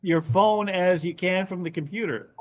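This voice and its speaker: A woman's voice: fairly low pitch, moderate pace, dull audio. A woman in casual live stream chat, laughing and playfully nagging.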